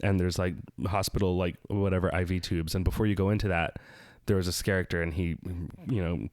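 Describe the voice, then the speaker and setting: A low-pitched man co-hosting a casual podcast chat, lively and storytelling, acting out little quotes. His voice sounds dry and close to the mic. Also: fairly quick, no room sound. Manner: animated storyteller, acts out quotes. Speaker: podcast co-host.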